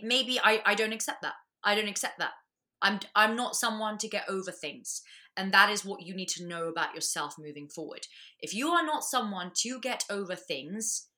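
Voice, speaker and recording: A woman, a guest on a casual chat podcast, talking bluntly and swearing freely with lots of quick restarts. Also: fairly low pitch, sharp tone.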